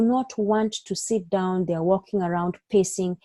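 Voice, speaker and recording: A medical exam tutor teaches an online prep lesson for doctors, offering step-by-step advice, checking in with frequent "okay?" and acting out both doctor and patient lines in her own voice. Her voice is fairly low and mellow, with fairly even intonation at a moderate pace, and there's no echo.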